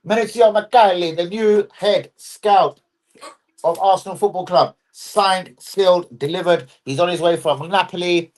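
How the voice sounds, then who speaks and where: Sitting high and unhurried, the voice belongs to a young man hosting a football fan channel's live stream. His casual chat rambles along, full of swearing and jokes.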